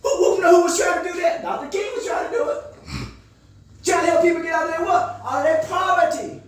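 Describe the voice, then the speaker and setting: In an echoey room, far from the microphone, a man with a very high-pitched, fairly quick voice counsels a group. His motivational call-and-response style has listeners finishing his leading questions, and he often raises his voice for emphasis.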